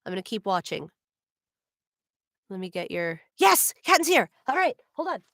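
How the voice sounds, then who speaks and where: A woman's voice: mid-range voice, sing-song, moderate pace, vocal fry, a bit bright, no room sound, studio quality. A voice actress with a New Jersey accent chatting casually with viewers on her livestream, bubbly and full of laughs and "like"s. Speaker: voice actor hosting a signing stream.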